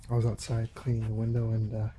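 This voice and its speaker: A man speaks haltingly into his phone, with many pauses and restarts. His voice is very dark and flat. A faint hum of room noise sits behind him. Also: fairly low pitch. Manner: hesitant, full of pauses and restarts. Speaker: vlogger. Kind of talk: rambling phone monologue. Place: home in a shared residential building.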